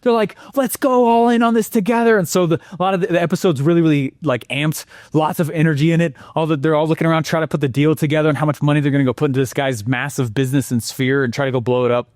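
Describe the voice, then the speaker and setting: A man presenting a marketing lesson with energetic, animated storytelling and exclamations. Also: fairly high pitch, rapid-fire, hardly any pauses, dry recording, studio quality.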